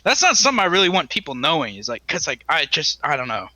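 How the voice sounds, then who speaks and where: A man's voice: on the high side, huge pitch swings, fast talker, pushed and bright, no echo. A young man co-hosting a casual podcast, telling a story with lots of laughs and acted-out quotes. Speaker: podcast co-host. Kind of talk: casual chat.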